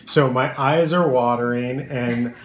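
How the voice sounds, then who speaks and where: A man vlogging casually, telling an animated story and laughing often as he talks. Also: mid-range voice, unhurried, a crowd in the background. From California. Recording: echoey room with faint background noise.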